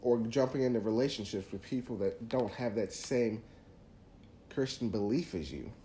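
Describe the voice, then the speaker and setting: A man's voice: mid-range voice, moderate pace, dark tone, roomy sound, slight background noise. A man hosting a podcast, talking earnestly through faith advice in a casual monologue, often restarting phrases. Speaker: podcast host.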